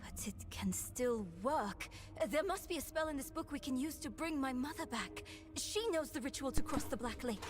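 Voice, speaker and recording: A hushed, determined young woman from a dark fantasy game. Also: high voice, animated, normal speed, few pauses. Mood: urgent. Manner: hushed, urgent. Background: game music.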